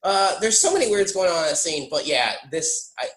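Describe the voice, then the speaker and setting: A man hosting a podcast, chatting casually about a film, animated and laughing often, stumbling over restarts. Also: sits high, fairly quick, roomy sound, rough recording. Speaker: podcast host.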